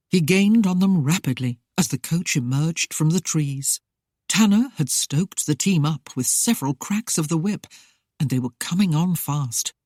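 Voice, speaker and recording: An audiobook narrator reading a historical romance in a steady, even way. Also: mid-range voice, no room sound, studio quality.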